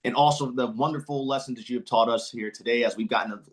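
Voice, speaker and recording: A young man hosting a podcast, speaking earnestly and in a heartfelt, halting way. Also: mid-range voice, fairly even intonation. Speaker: podcast host. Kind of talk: casual interview chat.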